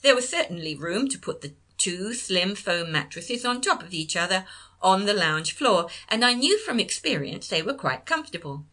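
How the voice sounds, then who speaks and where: A middle-aged woman, reading her own memoir story in a wry, gently humorous manner. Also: medium pitch, very animated, moderate pace. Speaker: narrator.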